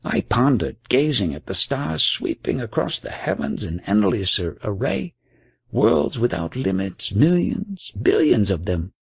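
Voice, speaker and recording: A man reads an audiobook in a measured storytelling voice. It is low, gravelly and very husky, and it moves lively across its range. The recording is close and dry. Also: no echo. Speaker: audiobook narrator. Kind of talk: audiobook reading.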